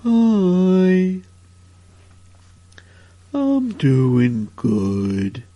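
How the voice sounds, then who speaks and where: Man putting on a dim, sluggish sidekick voice, very dark and lazy, over muffled podcast audio. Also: sits high, huge pitch swings, voice pushed down, full character voice. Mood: sleepy. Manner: drawn-out, sluggish replies. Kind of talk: comedic podcast banter.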